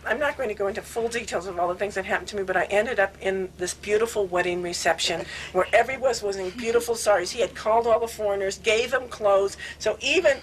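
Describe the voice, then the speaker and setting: A woman in her sixties telling animated, laughing stories with many restarts in casual conversation. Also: mid-range voice, quick pace, few pauses, a little hiss or hum, low-quality recording. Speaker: longtime devotee recounting memories. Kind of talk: casual storytelling.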